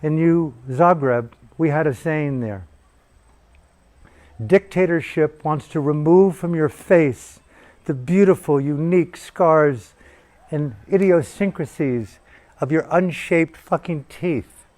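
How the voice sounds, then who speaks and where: A man's voice: on the high side, takes it slowly, a little mellow. Provocative, swearing male meditation teacher. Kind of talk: profane dharma talk. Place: retreat hall in Bali.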